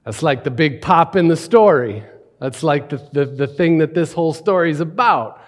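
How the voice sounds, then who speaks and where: A man preaching a sermon in a conversational, questioning way, dropping to a hush on key words. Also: on the high side, moderate pace. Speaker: pastor.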